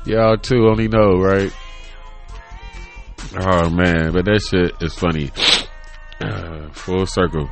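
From his bedroom setup, a man in his thirties hosts a solo podcast, rambling loosely and profanely with plenty of laughter. He swings between low mumbles and loud, excited storytelling, speaking slowly with frequent pauses over soft background music.

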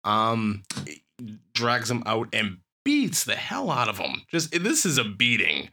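A man's voice: mid-range voice, wildly swooping pitch, slow, creaky, sharp tone. Wry man recapping a movie scene. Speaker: podcast co-host. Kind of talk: casual movie review chat. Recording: lo-fi podcast audio.

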